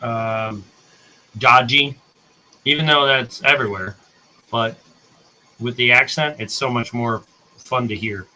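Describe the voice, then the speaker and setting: Streamer type: American man, bright and forward tone, chatty and self-correcting. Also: medium pitch, measured pace, low-quality recording. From United States. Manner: rambling, self-correcting, talks to chat. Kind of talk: casual chat on a live stream.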